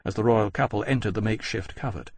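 Brief: male narrator, husky, mid-pitched, dry booth. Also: no room sound. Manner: measured, steady storytelling. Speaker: audiobook narrator. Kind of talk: scripted narration.

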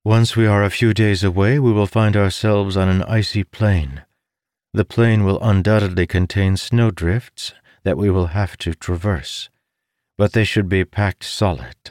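Guy putting on a lady scholar voice, calm and explainy, dry sound. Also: on the low side, unhurried, no room sound, pitched above the performer's own voice, close to an everyday voice. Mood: explaining. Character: female scholar briefing a war council.

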